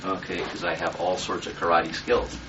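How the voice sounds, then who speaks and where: A man's voice: low-pitched, level tone, normal speed. Blunt, profane man lecturing from afar. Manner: blunt and profane, checks in with "okay?" and "does that make sense?". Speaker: seminar instructor. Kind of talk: live seminar talk. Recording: distant, dull lo-fi room recording with faint noise.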